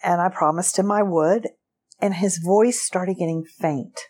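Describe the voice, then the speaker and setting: A woman recounting a personal experience as an interview guest, unhurried and often breaking into a laugh. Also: fairly low pitch, darkish tone, slightly rough.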